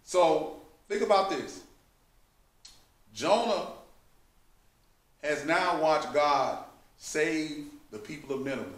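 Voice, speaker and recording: A man's voice: fairly high pitch, takes it slowly, long pauses. Fervent preacher man, echoey room. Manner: emphatic, rising to fervent preaching. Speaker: Bible study teacher. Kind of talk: preaching Bible study. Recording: echoey room, mic at a distance.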